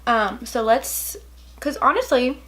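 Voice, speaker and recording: Hiccuping young woman vlogger, gushing and chatty, a little high-pitched. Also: slow, fairly bright tone. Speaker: beauty vlogger. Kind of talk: casual product review.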